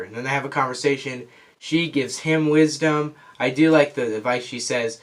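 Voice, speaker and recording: Male vlogger, mid-pitched, winded, rambling casual spoiler review. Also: steady tone, normal speed, fairly bright tone. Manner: rambling, loses track and restarts. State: out of breath. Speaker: film reviewer.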